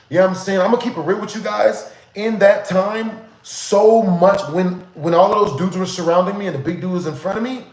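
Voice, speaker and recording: A young man streams live and tells a story to his chat in a high, lively voice. He talks loose and profane, and tags his lines with "you know what I'm saying." The room around him is echoey.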